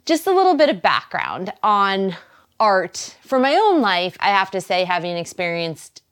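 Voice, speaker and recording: A woman's voice: medium pitch, big pitch swings, unhurried, fairly bright tone, smooth. A woman from Boston with a Boston accent, hosting a wellness show in a chatty, encouraging way and laughing easily. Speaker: host. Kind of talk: casual wellness talk to camera.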